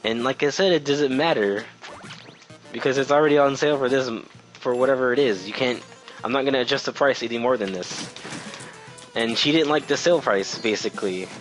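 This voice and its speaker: A man's voice: medium pitch, fairly quick, poor audio. Young man, casual storytime rant, exasperated, swears a lot, faint music behind. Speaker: retail worker.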